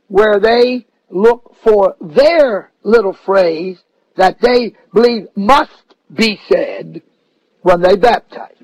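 A man preaching a sermon, emphatic, mocking the views he quotes and rising at times to shouts. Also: very high-pitched, no echo, rough recording.

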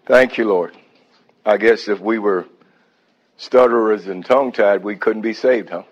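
A man's voice: lowish voice, a little slow, highs cut off. A man preaching a sermon, breaking off into praise and hallelujahs between points.

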